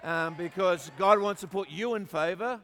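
Australian man, middle-aged preacher, high voice, animated storytelling sermon, long hall reverb. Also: moderate pace, slight background noise. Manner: animated storyteller with jokes and asides to the congregation. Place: large church auditorium.

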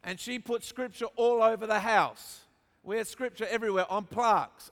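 A middle-aged man with an Australian accent, preaching a sermon as an animated storyteller who jokes with his congregation. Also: extremely high pitch, normal speed. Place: large church auditorium. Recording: long hall reverb.

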